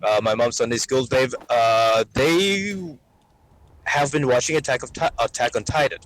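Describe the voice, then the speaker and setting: A man's voice: medium pitch, normal speed, rough recording. A man on a live gaming stream, rambling through stories with casual swearing. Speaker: livestreamer.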